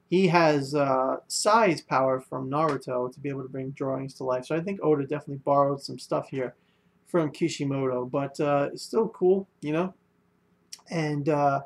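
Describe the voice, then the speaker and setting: Young male reviewer, casual rambling delivery, gravelly, slightly high voice. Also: darkish tone. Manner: rambling, many fillers and restarts. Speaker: manga reviewer.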